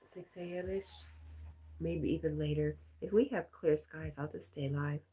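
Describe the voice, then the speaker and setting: A woman hosting a livestream, reading out viewer comments in a casual, soft, often half-whispered way, with a stuffy nose. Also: sits low, fairly even intonation, a little slow, breathy edge. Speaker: livestream host.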